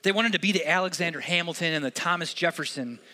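Male pastor, sermon; high bright voice, earnest, chatty delivery with casual asides. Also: fast talker.

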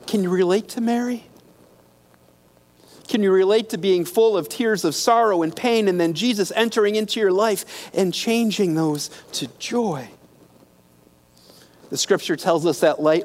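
A man with a notably high voice delivers a sermon, retelling scripture as a story. He leaves pauses, corrects himself here and there, and sinks into hushed, quiet passages. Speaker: preacher.

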